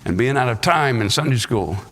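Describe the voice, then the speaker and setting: A man's voice: mid-range voice, expressive, fairly quick, a bit bright. An American man, a pastor, reading scripture aloud and preaching a Sunday school sermon, his voice swinging up for emphasis. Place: church sanctuary. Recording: live church recording with long reverb.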